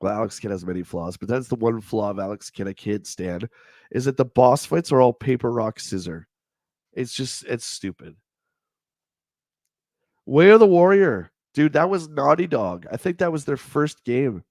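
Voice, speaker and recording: On his livestream, a man with a blocked-up, nasal voice reads vintage magazine reviews and then rambles through jokey riffs on the text. His medium-pitched voice has a darkish tone and is expressive at a normal speed, with clean studio sound and no echo.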